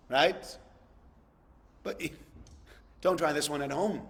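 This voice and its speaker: Rabbi preaching in a reverberant hall. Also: male voice, a little high, slow pace. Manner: conversational, acts out dialogues, repeats words for emphasis. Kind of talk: sermon.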